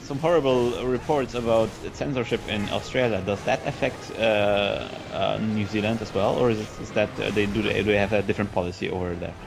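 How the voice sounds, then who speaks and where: A man co-hosting a podcast, asking questions in a halting, filler-heavy way. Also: on the low side, fairly even intonation, vocal fry, over music. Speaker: podcast co-host. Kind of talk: casual chat over gameplay.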